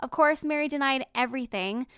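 A woman hosting a podcast, telling a true-crime story in a calm, measured, matter-of-fact reading. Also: high voice, clear, resonant tone, no room sound, clean studio sound. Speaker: podcast host.

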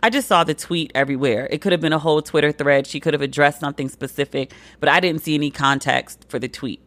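A woman hosting a solo commentary podcast, talking bluntly and profanely, and jumping up in pitch for emphasis. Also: fast talker, no echo. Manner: animated, swings pitch high for emphasis. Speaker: podcast host.

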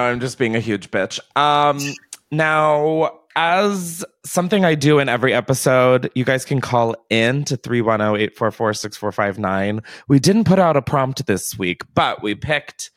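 A man hosts a podcast in loose, casual chat, talking in animated bursts and laughing often. His voice sits in an ordinary middle range. The sound is dry and close to the mic. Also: mid-range voice, measured pace, no echo. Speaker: podcast host.

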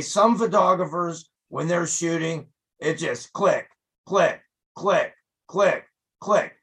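An older man, a rock photographer, telling stories in an interview, animated and profane, loudly acting out what he said to musicians. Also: on the high side, vocal fry, slightly rough, low-quality recording. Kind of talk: casual storytelling interview.

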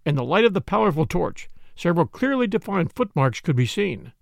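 A man narrates a classic mystery in a measured first-person read. His voice sits a touch high and moves expressively, with a gravelly texture, recorded close and dry. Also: sing-song, no room sound. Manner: measured storytelling. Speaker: audiobook reader.

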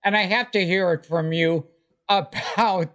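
A man co-hosting a podcast, speaking in a casual, halting, drawn-out way. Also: high-pitched, a bit bright. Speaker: podcast co-host.

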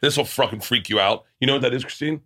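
A man's voice: mid-range voice, fast, pushed and bright. A middle-aged male podcast host in crude, joking casual chat.

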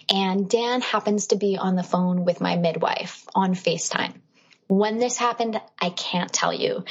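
A woman with a husky, breathy voice tells a personal story as a podcast guest. She talks in an animated way and slips into the voices of the people in her story. The audio is dull and muffled. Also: mid-range voice. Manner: animated, acts out what others said.

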